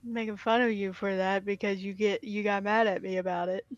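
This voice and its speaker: A woman's voice: medium pitch, level tone, fairly quick, no echo, muffled recording. A woman with a Southern US accent chatting on a live stream, teasing and exasperated. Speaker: streaming guest. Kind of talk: casual chat on a live stream.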